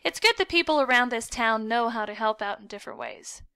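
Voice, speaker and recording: A woman voicing a frazzled, strict mother who scolds in an exasperated, brisk way. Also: on the high side, lively intonation, sharp tone, clean tone, no room sound. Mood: matter-of-fact.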